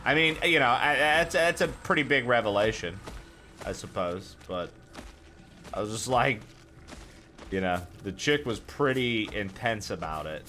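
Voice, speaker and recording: A man's voice: mid-range voice, lively intonation, a little slow, bright, forceful tone, soft background music. A man streaming a horror game, chatting casually with viewers, rambling and swearing freely. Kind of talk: casual gaming stream chat.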